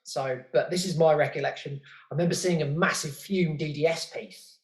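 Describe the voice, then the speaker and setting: A man from England, a fairly high voice, tells stories as a podcast guest. He rambles, full of asides and animated turns, and the room rings around him. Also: normal speed. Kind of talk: casual conversational storytelling. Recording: roomy echo.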